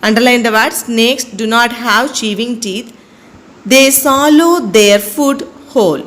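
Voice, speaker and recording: Woman teacher, very slow pace, higher pitch, deliberate dictation, spelling words out. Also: fairly bright tone, low-quality recording. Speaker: primary school teacher. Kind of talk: slow dictated classroom lesson.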